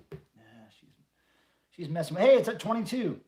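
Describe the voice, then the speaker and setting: Casual livestream host, middle-aged man, banters and reads chat, slightly raised pitch. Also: lively intonation, moderate pace, long pauses, noisy background. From North Carolina, USA. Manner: chatty, jokey, reads viewer comments aloud. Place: home room.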